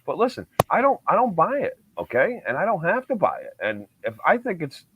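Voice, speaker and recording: A man's voice: high-pitched, wildly swooping pitch, fairly quick, breathy edge, narrow, tinny audio. A man co-hosting a podcast, ranting heatedly and swearing a lot in casual chat. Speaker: podcast co-host.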